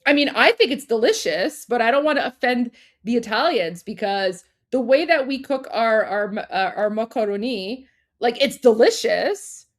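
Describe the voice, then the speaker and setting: Chatty woman hosting a livestream. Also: on the high side. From Iran. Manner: chatty, with many fillers and restarts, laughing often. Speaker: livestream co-host. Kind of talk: casual livestream chat.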